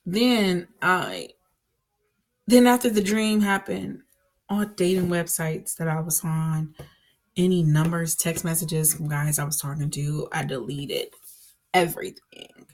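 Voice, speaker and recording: A woman's voice: on the low side, steady tone, unhurried, darkish tone. A woman vlogger giving a casual personal faith testimony, earnest and rambling, with many fillers and restarts.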